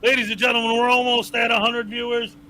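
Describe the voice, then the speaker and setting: A man's voice: very high-pitched, little pitch movement, fast, bright, forceful tone, slight background noise, low-quality recording. A man hosting a casual livestream, chatty and laughing often as he thanks supporters and hypes viewers. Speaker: livestream host. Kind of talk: casual live chat reading donations.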